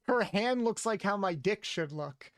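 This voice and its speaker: A man's voice: sits high, expressive, a little slow, clear, resonant tone, dry recording, studio quality. A man streaming a video game, chatting playfully with his viewers in a loose, rambling way. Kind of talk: casual gameplay commentary. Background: faint game music.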